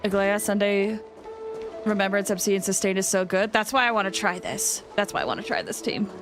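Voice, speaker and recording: A woman's voice: medium pitch, brisk. A woman streamer giving casual, chatty commentary while playing, gushing and laughing often. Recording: game music under the voice.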